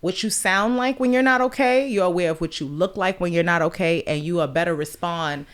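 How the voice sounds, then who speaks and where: A woman's voice: fairly low pitch, a little fast. A woman on a podcast explaining relationships frankly and crudely, like a coach, in casual chat.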